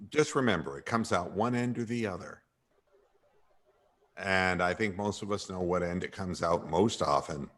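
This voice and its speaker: A man's voice: lowish voice, fairly bright tone, breathy edge. A man hosting a comedic sports talk radio show, sardonic and irreverent, with frequent sighs.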